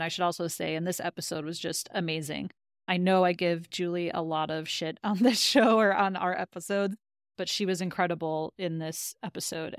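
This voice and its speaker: Chatty woman recapping, smooth voice. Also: fairly low pitch, no room sound, clean studio sound. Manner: chatty, retells scenes with quoted lines. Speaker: podcast co-host. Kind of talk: casual recap chat.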